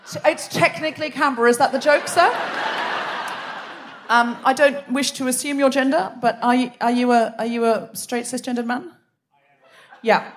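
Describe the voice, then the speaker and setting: A woman's voice: sits high, fairly even intonation, normal speed, long pauses. A woman raised in Australia hosting a live comedy podcast on a theatre stage, teasing and chatting with the crowd. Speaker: host. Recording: noisy live theatre recording.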